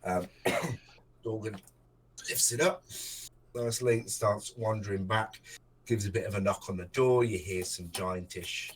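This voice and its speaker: Deep-voiced man narrating a tabletop game. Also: a little slow, a little hiss or hum, poor audio. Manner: rambling, with many ums and restarts. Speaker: game master. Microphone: desk microphone.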